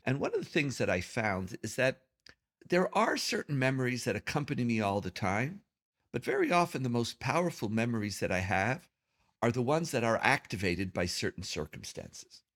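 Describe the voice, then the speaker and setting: A man's voice: medium pitch, sing-song, normal speed, a bit bright. A man from Israel, co-hosting, speaking thoughtfully and laughing between remarks. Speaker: podcast co-host. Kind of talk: reflective conversation.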